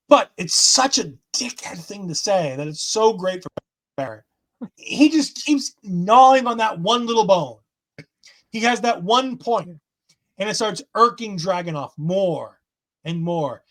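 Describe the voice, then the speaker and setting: A man with a notably high voice, talking as a podcast host. He recaps events in a lively, enthusiastic way. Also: measured pace. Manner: enthusiastic, acts out quotes in voices. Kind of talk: casual wrestling recap chat.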